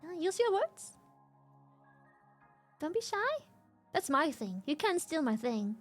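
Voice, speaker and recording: High bouncy streamer girl, giggles a lot, swears, teasing chat. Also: very animated, slow, faint music behind. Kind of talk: casual live-stream chat.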